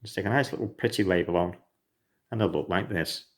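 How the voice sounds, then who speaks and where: Relaxed, matey man. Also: low voice, a little fast. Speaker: isopod keeper. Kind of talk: casual show-and-tell.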